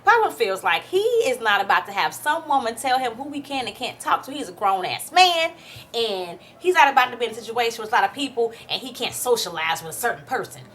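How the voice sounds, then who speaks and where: A woman's voice: fairly high pitch, sing-song, fairly quick, fairly bright tone, slight background noise. Sassy woman ranting recap. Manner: sassy, fired-up, swears freely. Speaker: reality TV recap vlogger.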